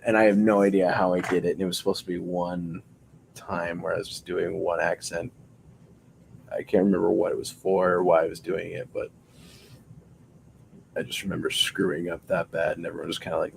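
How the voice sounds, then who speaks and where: A man's voice: deep voice, gravelly, a little mellow, slight background noise. A man chatting casually on a livestream while building a puppet, rambling and joking as he thinks aloud about each step. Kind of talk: casual livestream craft chat.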